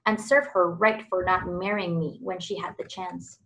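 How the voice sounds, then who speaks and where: A woman's voice: on the low side, steady tone, normal speed, a bit bright, poor audio. A woman voicing a pompous, cowardly male lord who barks demands, in a storybook reading. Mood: haughty.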